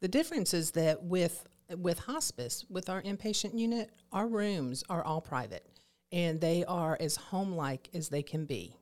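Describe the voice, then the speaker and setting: A woman guest in an interview, an educational coordinator explaining care programs in a clear, informative way. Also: lowish voice, lively intonation, moderate pace, a little mellow.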